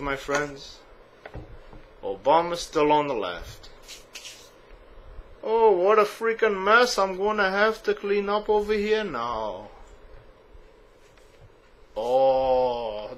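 A man's voice: medium pitch, a bit bright. A man delivering a comedic political monologue to camera, sarcastic and mocking, with crude asides. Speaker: political vlogger.

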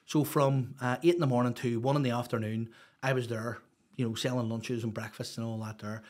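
A man's voice: mid-range voice, steady tone, brisk, a little mellow. Chatty Northern Irish man telling stories. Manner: rambling, peppered with "you know"; open, chatty storyteller. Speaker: podcast guest. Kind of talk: casual storytelling interview.

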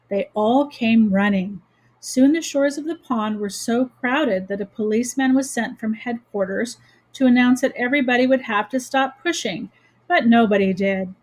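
A woman teacher reading a children's chapter book aloud in a steady, expressive storytelling manner. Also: a little high, poor audio.

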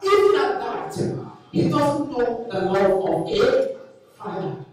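Woman, forties, high voice, earnest impassioned talk, heavy hall echo. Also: lively intonation, slow pace, a little mellow. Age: 40s. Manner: earnest, repetitive, builds to emotional emphasis. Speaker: family teacher. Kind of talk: impassioned talk to an evening audience. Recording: very echoey hall, distant mic.

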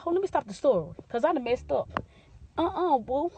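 Sassy, high-voiced woman. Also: a little fast, lo-fi sound, a little hiss or hum. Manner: sassy, animated, talks straight to the viewer. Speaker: comedic vine creator. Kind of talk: comedic storytelling monologue.

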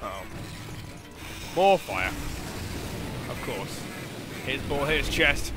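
A young man giving live gameplay commentary, swinging from loud swearing outbursts to low muttering as he plays. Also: sing-song, extremely slow, music in the background. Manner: swears and yelps at the game. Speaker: gaming commentator.

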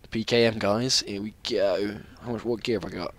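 A young man giving casual, chatty commentary while playing a video game, apologetic and quick to yelp at what happens on screen. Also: lowish voice, fairly even intonation. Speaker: gaming channel host.

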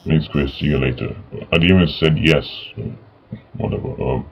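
A man playing a video game and reading the characters' lines aloud in his own voice, halting and full of fillers, on a dull lo-fi mic. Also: rumbling low, husky. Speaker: gaming YouTuber. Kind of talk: let's play, reading game dialogue aloud. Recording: dull lo-fi mic with faint music.

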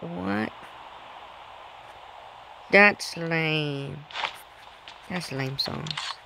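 A young male gamer nervously commenting on his mobile game play, excitable and self-conscious. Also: a little high, extremely slow, vocal fry. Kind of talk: casual gameplay commentary. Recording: noisy background during gameplay.

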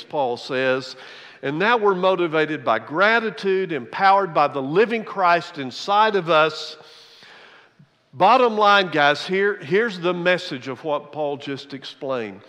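A man's voice: high voice, animated, slow, fairly bright tone, long reverb tail. A man, a senior pastor, preaching a sermon with emphasis and repeating key phrases for effect.

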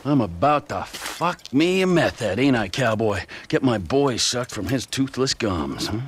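An actor voicing a volatile, foul-mouthed, unhinged middle-aged criminal man in video game cutscene dialogue, swinging between snarling shouts and mocking hushed taunts. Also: mid-range voice, big pitch swings, unhurried, husky. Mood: taunting.

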